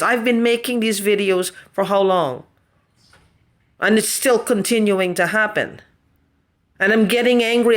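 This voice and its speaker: Someone records a heated solo video rant, speaking with neither a high nor a low voice. The talk rambles and circles back, stacking up repeated questions and swearing in anger. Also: fairly bright tone. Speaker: vlogger. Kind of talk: agitated personal video rant.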